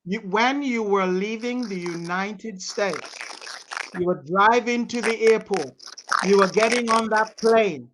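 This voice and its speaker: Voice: medium pitch, measured pace, fairly bright tone. Interviewer on a video call, patient, repeats questions, noisy clicky line.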